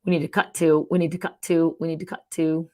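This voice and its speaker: A woman with a fairly low voice hosts her own live stream in a loose, rambling monologue. She jokes, laughs often and trails off and restarts her sentences as she talks. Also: flat delivery, brisk, a little mellow.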